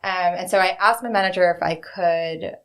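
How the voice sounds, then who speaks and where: This is a bank executive in her thirties answering interview questions candidly, sharing career anecdotes in a frank, chatty way. She has a lowish, slightly bright voice with a clear, resonant tone, and she talks at a normal speed.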